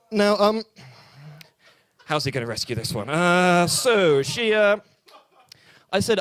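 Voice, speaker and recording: A young man with an English accent doing a stand-up set at a small bar open mic, deadpan and hesitant with many fillers. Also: a little high, a little slow, pauses often, no room sound. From England. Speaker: stand-up comedian.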